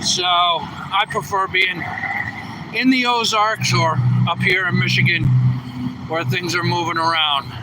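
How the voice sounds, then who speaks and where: A tired trucker livestreaming outdoors, chatting casually and reading viewer comments aloud. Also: male voice, fairly even intonation, a little slow. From New England. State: a little tired. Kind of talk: casual live stream chat. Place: outdoors at a truck distribution center. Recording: distant phone mic with faint traffic noise. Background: trucks rumbling.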